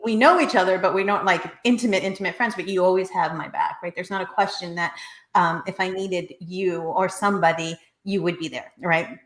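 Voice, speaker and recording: A woman's voice: lowish voice, fairly even intonation, brisk. A woman hosting an interview, gushing with praise for her guest and using many fillers. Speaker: show host. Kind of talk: warm, effusive interview hosting. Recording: echoey room.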